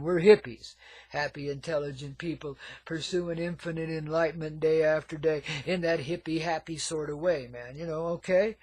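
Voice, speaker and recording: Older male radio host, a bit high-pitched, laid-back hippie monologue, calls everyone man and babies. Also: breathy edge, dry recording. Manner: swings between murmured asides and loud outbursts. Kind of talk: rambling monologue.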